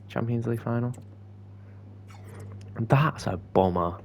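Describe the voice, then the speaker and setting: A young man talks over his football game in an unhurried, lowish voice, dropping to muttered asides and then bursting out when a play excites him. A faint hum sits behind him in the recording. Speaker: gaming YouTuber. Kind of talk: gameplay commentary.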